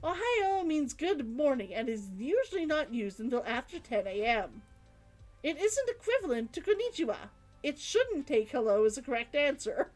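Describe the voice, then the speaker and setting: Lively high-voiced woman streamer. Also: moderate pace, soft background music. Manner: musing aloud, reading chat comments. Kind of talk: casual live-stream chat.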